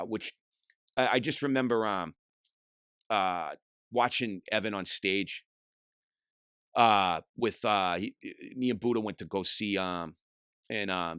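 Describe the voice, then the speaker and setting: A middle-aged man, hosting a podcast and telling hardcore scene stories in a profane, animated way. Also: low-pitched, clear, resonant tone, no room sound, clean studio sound. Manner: profane, animated storytelling, acts out quotes loudly. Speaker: podcast host. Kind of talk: casual storytelling monologue.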